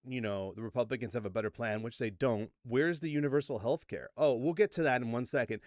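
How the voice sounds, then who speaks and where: A man's voice: mid-range voice, fast talker, hardly any pauses, no echo, studio quality. A man hosting a casual political commentary vlog from a home green-screen setup, goofy and rambling, joking at his own expense. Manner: goofy, rambling, self-deprecating.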